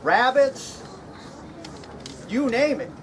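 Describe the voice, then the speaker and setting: At an outdoor reenactment event, a man plays a jovial, folksy, slightly mad Straw Hatter in a comedy skit. His very high, exaggerated voice is expressive and fairly bright, with drawn-out words, and he chuckles at his own jokes over crowd noise.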